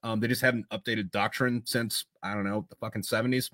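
A man's voice: on the low side, a little fast. Profane man telling war stories. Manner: profane, animated storytelling. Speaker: podcast guest. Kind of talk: casual storytelling.

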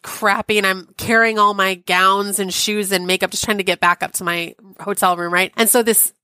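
A woman in her forties, a podcast guest, telling a personal story in a chatty, wry and animated way with many asides. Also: medium pitch, normal speed, smooth, dry recording. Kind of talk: storytelling in an interview.

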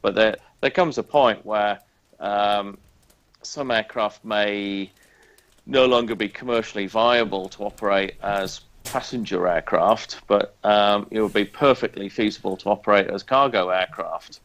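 A man's voice: fairly low pitch, measured pace, a bit bright. A man chatting casually as a podcast co-host, hesitant with many ums and a dry sense of humour. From northern England. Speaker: podcast co-host, airline pilot. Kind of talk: casual chat.

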